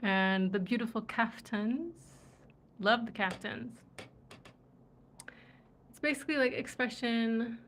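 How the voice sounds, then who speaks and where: Slow-talking bright-voiced woman chatting with viewers. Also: a little high, slight background noise. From USA. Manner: chatty, laughing often, trailing off into murmurs. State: tired from travel. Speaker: livestream host. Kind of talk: casual chat reading viewer comments. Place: indoors in Morocco.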